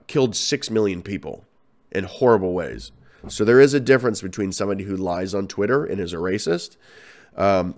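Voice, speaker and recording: A man with a cold hosting a podcast, rambling and swearing through casual ranting commentary. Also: on the low side. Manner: rambling, profane, animated. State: has a cold. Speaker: podcast host and comedian.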